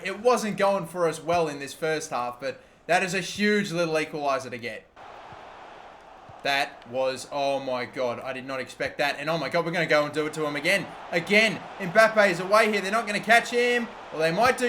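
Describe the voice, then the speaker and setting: Young australian guy commentating his football career mode, high voice, bright tone, cusses and yells at goals. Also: fairly quick, slight background noise. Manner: swears often, erupts into shouting at goals. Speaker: gaming YouTuber. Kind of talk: live gameplay commentary.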